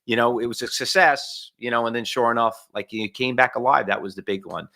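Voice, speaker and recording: Rambling bright-voiced podcast host. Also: male voice, mid-range voice, steady tone, a little fast, vocal fry. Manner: rambling, many fillers, repeated you know. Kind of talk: casual podcast chat.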